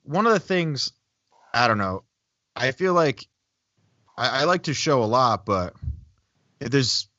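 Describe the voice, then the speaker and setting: Lively-voiced profane podcast host. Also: male voice, mid-range voice, slow pace, pauses often, no room sound. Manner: loose, rambling, profane. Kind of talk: casual podcast chat. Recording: dry, dull lo-fi audio.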